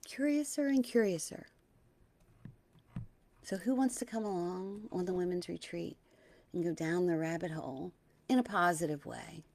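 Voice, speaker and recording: Soft-spoken woman giving a spiritual talk. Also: lowish voice. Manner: gentle and dreamy, slows down on key words, drops to a hush. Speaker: spiritual teacher and host.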